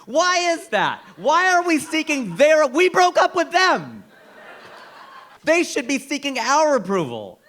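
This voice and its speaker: An American man performing a stand-up comedy routine on stage, animated and exclaiming his punchlines. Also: very high voice, unhurried. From United States. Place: comedy stage before a live audience.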